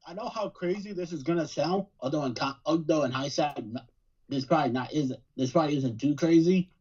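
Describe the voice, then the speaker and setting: A man's voice: high voice, a little mellow, husky, highs cut off. A man on a casual podcast panel who rambles, hedges and restarts often. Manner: rambling, hedging, many restarts.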